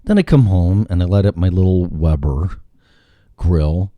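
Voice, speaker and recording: A man's voice: low voice, unhurried, warm tone, no room sound. A man from the American Midwest hosting a talk show in casual, profane, rambling chat, with sarcastic asides, recorded on a studio mic. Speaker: radio show host.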